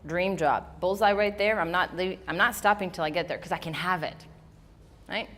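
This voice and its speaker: A woman who is not a native English speaker, giving a lively storytelling motivational talk to a live audience. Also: fairly low pitch, moderate pace, a little hiss or hum. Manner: animated storytelling, acting out her own inner voice. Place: event hall before a live audience.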